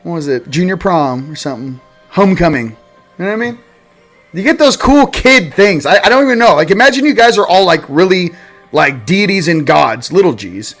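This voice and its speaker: Man host, casual livestream, high-ish voice, rambling and jokey, loud-then-quiet delivery, faint music under it. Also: animated, a little fast.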